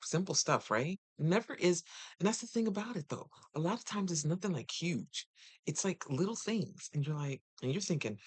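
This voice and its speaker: A man's voice: animated, moderate pace, slightly rough, no echo. Guy doing a relationship coaching vlog, chatty, voice jumps up a lot, dry sound. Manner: chatty, rhetorical questions, sudden pitch jumps. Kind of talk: casual talk to viewers.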